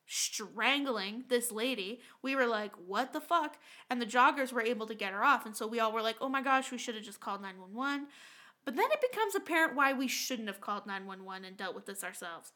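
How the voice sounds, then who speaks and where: A woman with a high, bright voice tells a story straight to her viewers. She is casual and animated, swears freely, and acts out what people said. She laughs along the way. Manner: laughs through the telling. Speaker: storytime vlogger.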